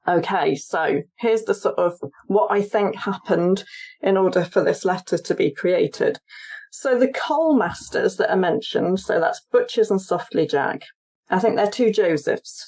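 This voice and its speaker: A woman's voice: lowish voice, darkish tone. A woman author and historian being interviewed on a podcast, explaining her research in a chatty way and laughing easily.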